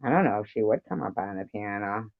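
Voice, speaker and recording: A woman's voice: extremely low pitch, expressive, quick pace, gravelly, no room sound. A woman hosting a livestream in casual chat, rambling and laughing often. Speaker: livestream host. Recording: muffled dry livestream audio.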